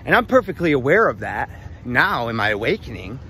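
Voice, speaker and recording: A man telling a rambling personal story in a casual, profane, animated way. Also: mid-range voice, fairly quick, slight background noise.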